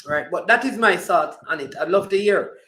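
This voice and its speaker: A man's voice: sits high, normal speed, pushed and bright, reverberant, slight background noise, poor audio. A man with a Jamaican accent hosting a casual sports talk show, teasing and bantering and slipping into patois.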